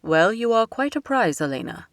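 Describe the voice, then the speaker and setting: A woman's voice: fairly high pitch, very animated, normal speed, dry recording, voice pushed up. A woman reading an audiobook and voicing a wry, easygoing young prince with a dry, teasing delivery.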